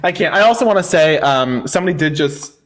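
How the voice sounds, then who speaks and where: A man's voice: fairly high pitch, lively intonation, slight background noise. Combative young male livestream host. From rural Pennsylvania, US. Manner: fast, combative, laughs often. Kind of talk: livestream debate chat.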